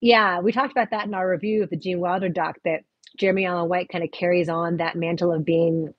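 A woman's voice: lowish voice, steady tone, fairly quick, husky, no room sound, lo-fi sound. A woman with a light Texan accent hosting a casual livestream, chatting and answering viewer questions from comments on her phone. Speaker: movie review host. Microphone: phone on a tripod.

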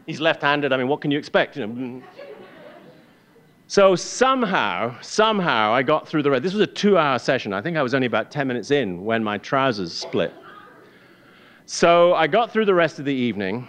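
An English man telling a wry, self-deprecating personal story on stage before a live audience, with halting restarts. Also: mid-range voice, fairly bright tone. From England.

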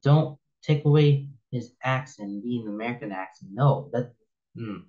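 A man's voice: medium pitch, normal speed. Rambling man with dull lo-fi sound. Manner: rambling, repeats and restarts often, opinionated. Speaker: reaction video host. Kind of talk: casual commentary reading posts aloud.

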